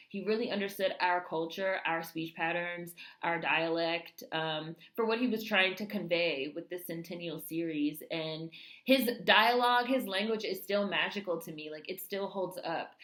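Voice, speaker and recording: A woman's voice: on the low side, fairly bright tone, reverberant. A woman giving a casual film review, candid and profane, with lots of filler words.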